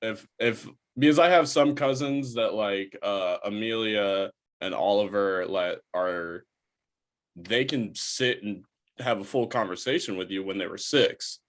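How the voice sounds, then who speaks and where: Blunt low-voiced young co-host. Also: male voice, a little slow. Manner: blunt, laid-back banter with swearing. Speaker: podcast co-host. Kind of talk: casual podcast chat.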